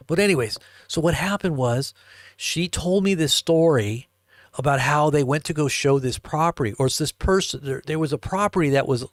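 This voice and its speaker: A man's voice: on the high side, dry recording. Man, livestream host, rambling storyteller, talks to chat, chuckles, dry close sound. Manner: rambling, chuckling, addresses viewers directly. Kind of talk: casual storytelling to a live chat.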